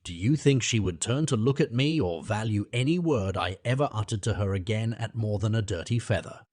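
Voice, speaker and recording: A man voicing a passionate young man, furious and wounded, whose words burst out with a sharp edge, in an audiobook reading. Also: lowish voice, brisk, no echo, clean studio sound, lightly acted. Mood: outraged.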